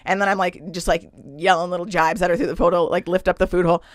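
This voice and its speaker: A woman on a podcast telling a wild personal story in a casual comedic way, animated and profane, slipping into other people's voices as she goes. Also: fairly low pitch, fast talker, no room sound, clean studio sound.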